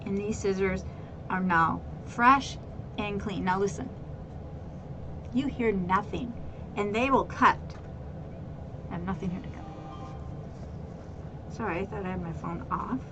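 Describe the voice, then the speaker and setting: A woman's voice: mid-range voice, measured pace, pauses often, background noise. A woman hosting a casual craft tutorial, explaining step by step in a chatty way with frequent repeats and fillers. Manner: chatty, repeats words, addresses viewers as guys. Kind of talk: casual how-to demonstration.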